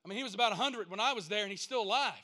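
A man delivers a sermon in a high, bright voice. He talks in a homespun, storytelling way and keeps building to emphatic, repeated points. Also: racing. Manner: folksy storytelling preaching, rising to emphatic points. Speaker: pastor.

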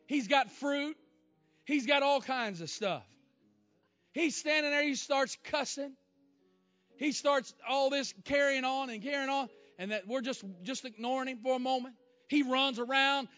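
A preacher with a very high, bright, forceful voice tells his story dramatically, swinging from shouts to near-whispers. The sound is a bit dull and lo-fi, with faint music underneath. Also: measured pace. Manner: dramatic, shifting from loud exclamations to hushed, emotional lines. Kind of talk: storytelling sermon.

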